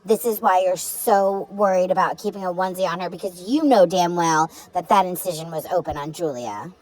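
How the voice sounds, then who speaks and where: A woman's voice: lowish voice, a little fast, darkish tone, rough recording. Sarcastic woman doing reaction commentary. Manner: sarcastic, blunt. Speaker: commentary host.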